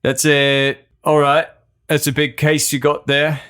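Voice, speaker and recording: A man co-hosting a casual comedic chat in a deadpan, mock-serious way. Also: on the high side, a little slow, smooth. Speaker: podcast co-host.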